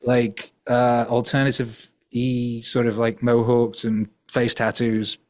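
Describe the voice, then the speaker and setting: A man's voice: medium pitch, slow pace. Rambling middle-aged male podcast guest. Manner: animated, rambling, many fillers and restarts. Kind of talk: storytelling conversation.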